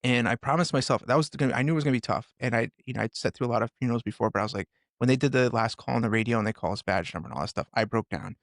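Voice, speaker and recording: A man in his forties, a former first responder, candidly retelling hard experiences on a podcast with intense, animated delivery. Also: mid-range voice, rapid-fire, dry recording, studio quality. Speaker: podcast guest, former police officer and firefighter. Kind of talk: candid personal storytelling.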